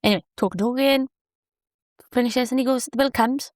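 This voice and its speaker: A woman's voice: a little high, brisk, a little mellow, no echo. Woman, podcast host, chatty storytelling, self-deprecating, dry close sound. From Wales.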